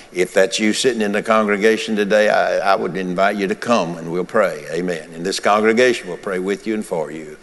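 A man's voice: lowish voice, big-room sound. A man preaching a sermon to a congregation in a church, with a rhythmic, repetitive preaching cadence. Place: church sanctuary.

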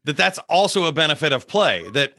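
A man's voice: on the high side, expressive, a little fast, pushed and bright, a little hiss or hum. A man in his forties hosting a podcast, upbeat and jokey in casual chat. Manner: upbeat, jokey, loose with filler words. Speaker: podcast host.

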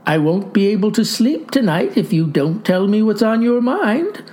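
A woman voicing a genial, folksy adult male president, her pitch raised a little for the quotes. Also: very animated, moderate pace, mellow, close to an everyday voice.

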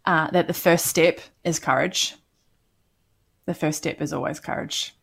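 A woman's voice: low voice, steady tone, a little slow, gravelly, a bit bright, breathy edge. A woman who is a podcast guest, speaking candidly and earnestly with frequent fillers. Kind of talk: candid interview talk.

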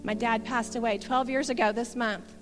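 A woman's voice: fairly high pitch, fairly even intonation, normal speed. Earnest woman in a reverberant hall. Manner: earnest, confessional, candid. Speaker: speaker giving testimony. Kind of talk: testimony sermon. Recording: long hall reverb with guitar music. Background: soft guitar music.

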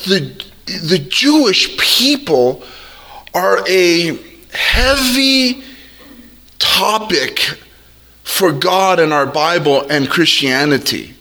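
Slow, bright-voiced male preacher. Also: lively intonation. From Arab heritage. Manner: preaching slowly, dropping low for quoted voices. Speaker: pastor. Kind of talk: sermon.

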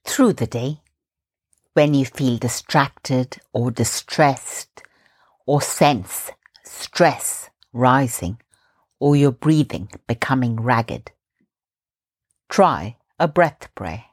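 A woman from India hosting a Christian meditation podcast, calmly guiding breathing and scripture reflection. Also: very deep voice. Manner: calm, slow, gently instructive.

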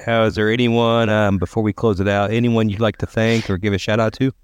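A man's voice: on the low side, little pitch movement, brisk, clear, resonant tone, no room sound, studio quality. A man hosting a podcast interview, asking questions in a laid-back way. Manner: laid-back interviewer with short backchannel replies. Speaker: podcast host. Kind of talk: casual interview.

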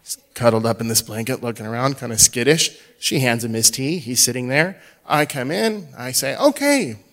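Animated middle-aged male pastor storytelling. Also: mid-range voice, moderate pace. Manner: animated storyteller, swings between hushed and loud. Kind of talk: sermon storytelling.

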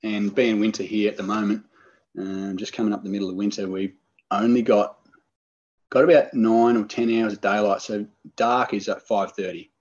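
An Australian man, a hunter appearing as a podcast guest, tells a story casually in a relaxed, rambling, laid-back way, packed with fillers and restarts. His low, slightly husky voice moves at a moderate pace, and the recording sounds dull and lo-fi.

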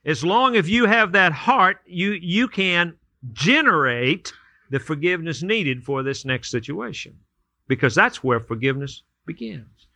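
Folksy storytelling male pastor, bright voice. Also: a little high, expressive, unhurried, no room sound. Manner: storytelling with hypotheticals, folksy and repetitive. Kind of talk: sermon.

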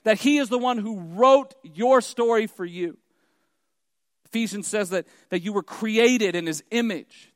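Male pastor, high voice, emphatic sermon delivery with repeated refrains; dry close sound with long reverb tail. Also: fairly bright tone.

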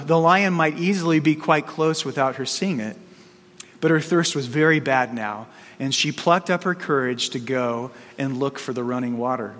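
A man's voice: fairly high pitch, fairly bright tone. A male pastor preaching a sermon and reading a story aloud, speaking in an earnest, storytelling manner. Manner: slow, earnest storytelling with small restarts. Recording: long reverb in a large hall.

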